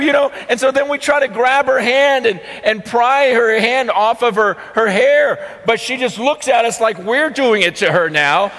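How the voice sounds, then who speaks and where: A middle-aged man preaching a sermon as pastor, earnest and storytelling, acting out quotes with sudden loud bursts. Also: very high voice, normal speed, hardly any pauses, in a large hall.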